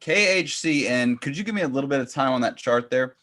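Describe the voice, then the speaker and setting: A man coaching trades, calmly walking through a chart step by step in casual chat. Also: mid-range voice, fast. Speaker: trading coach.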